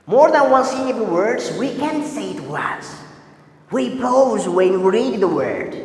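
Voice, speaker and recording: A man teaching a classroom lesson, speaking emphatically and drawing out example words slowly. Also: high voice, a little mellow. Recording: echoey room with long reverb.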